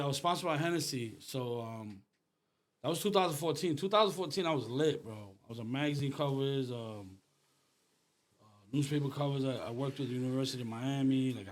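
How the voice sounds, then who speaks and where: Man, middle-aged, relaxed storyteller with street slang, average pitch. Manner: animated storyteller, street slang, says "bro" often. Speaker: artist, guest. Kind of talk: casual conversation.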